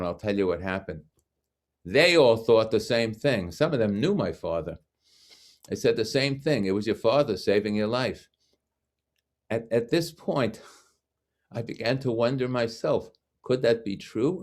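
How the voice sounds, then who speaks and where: An older man from Brooklyn telling a personal story over a video call, reflective and acting out the voices of people he quotes. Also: fairly low pitch. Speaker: guest speaker.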